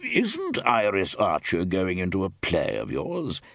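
A man voicing a suave, urbane police chief in a story reading, speaking slowly and deliberately. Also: deep voice, wildly swooping pitch, creaky, a bit bright, no echo, studio quality, heavily acted. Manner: slow, measured, urbane.

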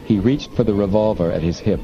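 Male audiobook narrator, measured, low pitch, muffled recording. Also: slight background noise. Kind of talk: scripted narration.

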